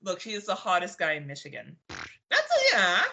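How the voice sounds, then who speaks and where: Lively bright-voiced woman chatting. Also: fairly low pitch, moderate pace, gravelly. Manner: laughs often, swears freely. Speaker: podcast co-host. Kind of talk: casual chat.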